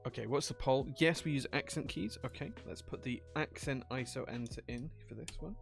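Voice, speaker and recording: Man, casual stream chat, gravelly voice, thinks aloud, faint music behind. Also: medium pitch, brisk. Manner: relaxed, thinks aloud, reads and answers chat. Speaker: keyboard-building streamer. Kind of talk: casual live-stream chat while building.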